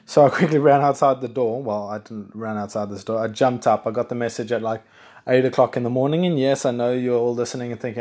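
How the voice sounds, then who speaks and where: This South African podcast host has a medium-pitched voice and talks fast. Alone on his casual show, he rambles chattily, revises himself mid-thought, and flares up with excitement at times.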